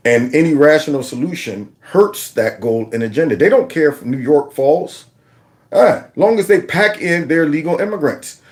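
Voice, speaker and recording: A man hosting an opinionated commentary vlog, mocking and animated, laughing often as he reacts to clips. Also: mid-range voice. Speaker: political commentary host.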